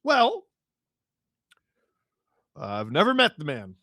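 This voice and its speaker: A man hosting a live stream, reading viewer chat with jokes and shouting play-by-play when a goal goes in. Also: fairly high pitch, moderate pace, no room sound, clean studio sound. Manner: joking, excitable, shouts on goals. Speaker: livestream host reading chat. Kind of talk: casual live watch-along chat and play-by-play.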